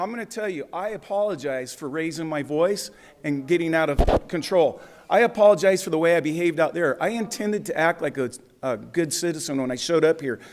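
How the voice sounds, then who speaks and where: A man giving an angry, combative public comment at a city council meeting, speaking at a podium microphone. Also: high voice.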